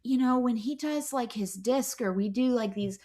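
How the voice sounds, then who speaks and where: A woman's voice: fairly high pitch, moderate pace, warm tone. A woman co-hosting a podcast, telling a story in casual chat, chatty and full of fillers, often breaking into laughter. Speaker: podcast co-host.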